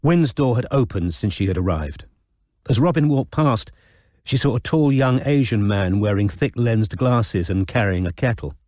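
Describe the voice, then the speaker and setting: A male audiobook narrator reads in a measured, even way. His voice sits on the low side. The recording is close and dry, with no room sound. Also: no echo. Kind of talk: scripted narration.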